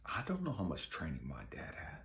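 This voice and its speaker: Animated, foul-mouthed man preaching forgiveness. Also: extremely low pitch, fairly quick. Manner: profane and emphatic, swinging from loud outbursts to hushed whispers. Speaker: spiritual vlogger. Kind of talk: emotional motivational monologue.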